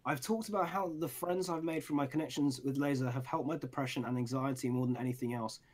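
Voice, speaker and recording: A man's voice: medium pitch, steady tone, fast talker. A young British man co-hosting a casual podcast, swearing, teasing and laughing often. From Britain. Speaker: podcast co-host.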